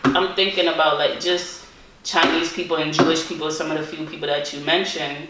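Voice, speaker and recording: A young man co-hosting a casual podcast, chatty and agreeable, often answering with quick backchannels. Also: fairly high pitch, level tone, bright, forceful tone, slight background noise. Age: young adult. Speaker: podcast co-host. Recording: roomy echo, distant mic.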